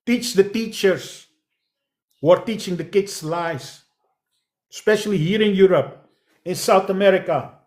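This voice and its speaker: A middle-aged man hosting a live stream, speaking haltingly with many fillers. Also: sits high, a little mellow.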